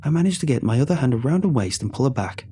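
A man telling a scripted horror story in a measured, tense way. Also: mid-range voice, animated, dark tone, slight background noise.

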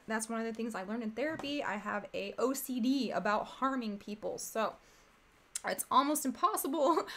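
A woman's voice: fairly high pitch, a bit bright. A woman hosting a casual commentary stream, talking in a rambling, exasperated, chatty way. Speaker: streamer host.

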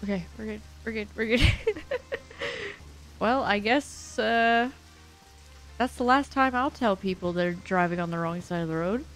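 A woman's voice: medium pitch, measured pace, a bit bright, faint music behind. A young woman streaming a video game, chatting casually and crudely, joking and giggling as she plays. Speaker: VTuber streamer. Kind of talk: casual gameplay chat.

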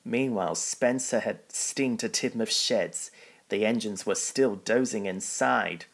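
A man's voice: fairly low pitch, a little slow, vocal fry. A man reading a children's picture book aloud, plainly, with small slips. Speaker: storybook reader.

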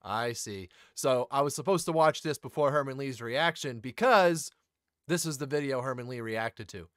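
A man hosting a reaction video, talking casually to himself with quick exclamations. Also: medium pitch, no room sound, studio quality.

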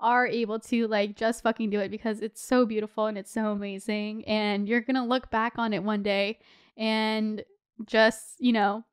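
A woman's voice: medium pitch, flat delivery, moderate pace, clear, resonant tone, no echo, clean studio sound. A woman in her twenties hosting a podcast, giving casual heartfelt advice with lots of "like" and "you know". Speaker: podcast host.

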